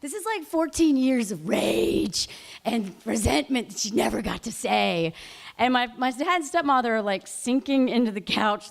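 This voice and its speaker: Chatty woman telling a raised, lively story. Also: a little high, normal speed, creaky. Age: late 30s. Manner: chatty, full of "like" fillers, laughing through the telling. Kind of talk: live personal storytelling.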